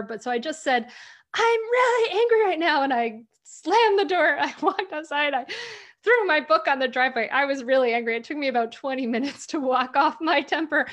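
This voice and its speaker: A woman author in an interview, telling personal stories in a lively way, with many fillers and restarts. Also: high-pitched. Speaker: author, guest. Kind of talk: conversational interview.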